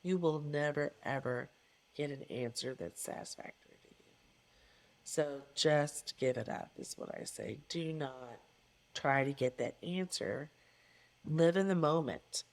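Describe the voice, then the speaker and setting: A woman's voice: deep voice, unhurried, a little mellow. Earnest, emphatic middle-aged woman. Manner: earnest and emphatic, with repeated phrases. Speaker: podcast guest, coach. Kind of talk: reflective interview conversation.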